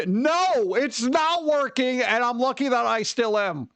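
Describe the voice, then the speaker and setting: A man's voice: very high-pitched, a little slow, hardly any pauses, fairly bright tone, clean tone, no room sound. A middle-aged man hosting a casual stream, rambling loosely, swearing and acting out the people he talks about. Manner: over-caffeinated. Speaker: streamer host. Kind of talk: casual rambling chat with viewers.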